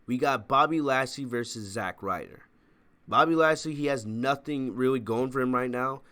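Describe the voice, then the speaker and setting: A man's voice: mid-range voice, moderate pace, pushed and bright. A man hosting a wrestling review channel, talking in a casual, rambling way and often checking in with "all right?".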